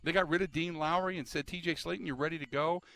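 A man's voice: on the high side, fairly even intonation, fast, vocal fry, pushed and bright. A man hosting a sports talk radio show, talking emphatically and with exasperation, often repeating himself.

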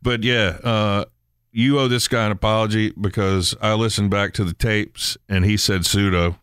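A man's voice: lowish voice, fairly even intonation, normal speed, a bit bright, clear, resonant tone, no room sound, clean studio sound. A man hosting a podcast, telling stories and teasing his cohosts in casual chat. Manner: playful, teasing storyteller. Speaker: podcast host.

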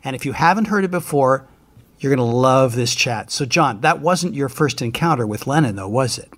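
A man's voice: medium pitch, animated, moderate pace, a bit bright. An older man hosting an interview podcast, introducing the guest and asking curious questions. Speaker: host.

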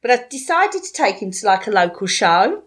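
A middle-aged woman co-hosting a podcast, chatting casually and telling lively stories with frequent laughs. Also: mid-range voice, normal speed. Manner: lively storytelling, animated, laughs often. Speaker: podcast co-host. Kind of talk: casual chat.

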